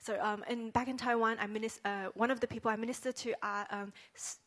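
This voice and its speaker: Higher-pitched woman interpreting a sermon. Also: steady tone, a bit bright. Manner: halting, with many fillers and self-corrections.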